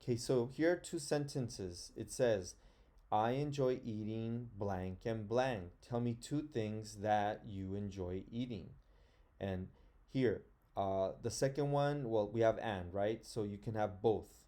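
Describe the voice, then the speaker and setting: A middle-aged male teacher talks through a lesson at an unhurried pace, in a lowish, warm, mellow voice. He stops to think aloud and sounds out each word with patience. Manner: slow, patient, sounds words out. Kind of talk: online phonics and grammar lesson.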